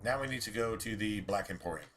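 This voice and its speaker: A man's voice: on the low side, fast talker, a bit bright. A man streaming a video game, chatting casually in a rambling way, full of restarts and asides. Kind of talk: casual chat while streaming gameplay.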